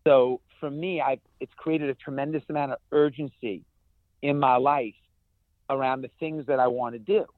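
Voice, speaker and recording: Guy guest in an interview, energetic storyteller, dry tinny sound. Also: medium pitch, normal speed, no echo. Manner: energetic storyteller, many restarts. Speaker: guest, ultrarunner. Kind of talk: conversational interview.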